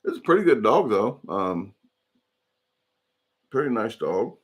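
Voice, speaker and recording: A man's voice: fairly low pitch, big pitch swings, a little slow, breathy edge. A man hosting a casual livestream, rambling chattily and reading chat comments aloud. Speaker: livestream host.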